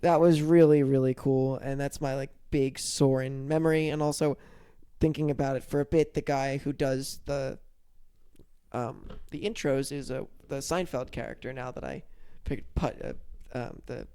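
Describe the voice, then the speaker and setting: Smooth young man chatting casually. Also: mid-range voice, fairly even intonation, moderate pace, warm tone. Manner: rambling, full of restarts and "like". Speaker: podcast co-host. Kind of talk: casual chat.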